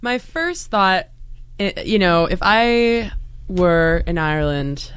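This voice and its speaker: A woman's voice: on the low side, animated, takes it slowly, fairly bright tone, smooth, no room sound. A woman on a casual podcast, rambling playfully and poking fun at herself. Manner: rambling, playful, self-mocking. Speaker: podcast co-host. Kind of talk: casual chat.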